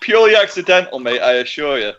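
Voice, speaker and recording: A man's voice: a little high, fast talker, noisy background. A man in his thirties chatting casually while co-hosting a game livestream, swearing freely and laughing as he tells stories. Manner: animated storyteller, laughs often, swears. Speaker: livestream co-host. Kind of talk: casual gaming chat. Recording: muffled lo-fi audio.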